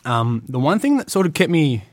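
A man's voice: a little high, big pitch swings, dry recording, clean studio sound. A young Australian man, a wrestler, telling stories in a casual podcast interview and acting out what others said. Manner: quick storytelling, acts out voices of others. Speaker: guest wrestler.

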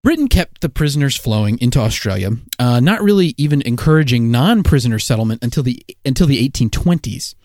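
Male co-host, wry deadpan script read, lively pitch, dry sound. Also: quick pace, hardly any pauses, no room sound. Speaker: podcast co-host. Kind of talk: jokey scripted podcast narration.

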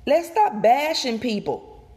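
A woman vlogger recording outdoors, giving emphatic, animated opinion commentary and talking straight to her viewers. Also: on the high side, slow. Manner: emphatic, animated, repeats and addresses viewers directly. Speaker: gossip vlogger.

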